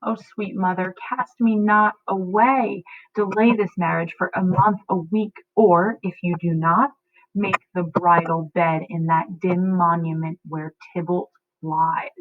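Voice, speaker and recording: A woman's voice: on the low side, fairly even intonation, a little slow, slight background noise, close to an everyday voice. A woman voicing a desperate young noblewoman, pleading and anguished. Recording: tinny phone-like audio.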